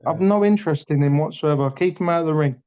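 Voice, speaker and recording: A fired-up man talking boxing in casual chat, blunt and quick to swear. His voice sits a touch high for a man. The recording is dull and lo-fi. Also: darkish tone, clear, resonant tone. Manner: blunt, passionate, swears freely. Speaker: boxing pundit. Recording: dull lo-fi audio.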